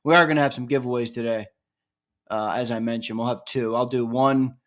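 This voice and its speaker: This male host runs a casual sports fan live-stream, talking with viewers and now and then letting out loud, excited hollers. His voice sits in the mid range and moves at a brisk clip.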